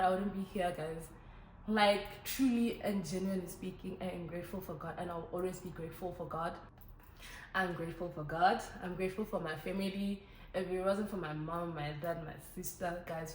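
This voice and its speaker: A chatty young woman from Botswana does a casual Q&A to camera for her viewers, animated and switching between languages. Her voice sits on the low side, echoing off a bare room with a faint hum of ambience.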